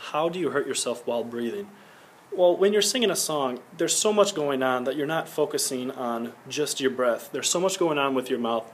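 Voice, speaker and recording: Over a little hiss or hum, a young man with a mid-range voice delivers a singing lesson for a school assignment. He is earnest and explanatory, illustrating points now and then with short sung vowels.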